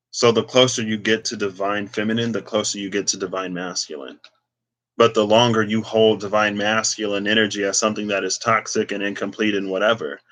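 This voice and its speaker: A man's voice: lowish voice, pushed and bright. A man giving a casual, reflective talk on spirituality and tarot, meandering with many fillers as he thinks aloud. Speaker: tarot reader.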